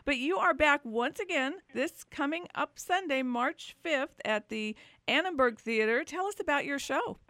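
A woman's voice: sits high, expressive, a little slow, few pauses, fairly bright tone, no room sound. A woman hosting a radio talk show, chatty and upbeat. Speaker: radio host.

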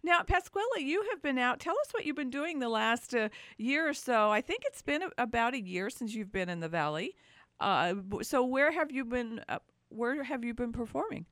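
A woman's voice: on the high side, very animated, moderate pace, fairly bright tone, no echo, clean studio sound. A woman hosting a radio talk show, chatty and upbeat. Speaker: radio host.

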